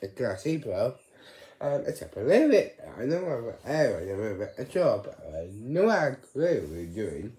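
A man chatting casually on his vlog, rambling and halting, often repeating his words. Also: medium pitch, big pitch swings, dark tone, reverberant. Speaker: vlogger.

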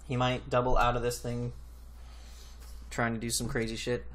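A man narrating his own match as he plays it, talking to himself more than to anyone else. He swears freely and sounds worn down, thinking each move through aloud in a mid-pitched, ordinary voice. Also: completely flat delivery, moderate pace, a bit bright. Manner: swears constantly, mutters to himself. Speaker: gaming YouTuber. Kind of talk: live gameplay commentary.

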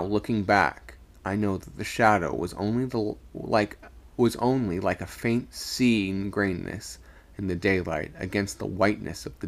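A man reading a spooky story aloud on a live stream, raising his voice for the shouted lines. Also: fairly low pitch.

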